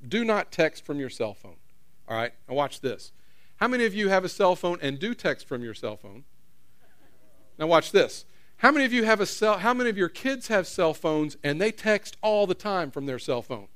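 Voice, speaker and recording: A man's voice: high-pitched, big pitch swings, normal speed, a bit bright. A middle-aged man preaching a casual, conversational sermon in a church, repeating phrases and putting questions to the congregation. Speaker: pastor.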